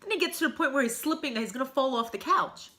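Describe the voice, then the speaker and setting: A woman's voice: high voice, expressive, fast, bright, forceful tone. A woman vlogger telling a personal story to camera in a candid, emotional, rambling way. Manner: emotional, heartfelt, rambling with fillers.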